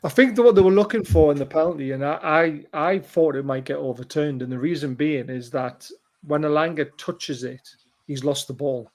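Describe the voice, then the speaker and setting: A man co-hosting a casual football podcast, his voice sitting a little higher than most men's. He tells match stories with animated excitement. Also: normal speed. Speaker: podcast co-host.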